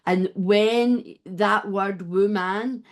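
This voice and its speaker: A woman hosting an interview podcast, chatting in a rambling, warm way with many restarts. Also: medium pitch, steady tone, extremely slow. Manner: warm, rambling, gets emotional and laughs. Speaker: podcast host. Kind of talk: casual interview chat.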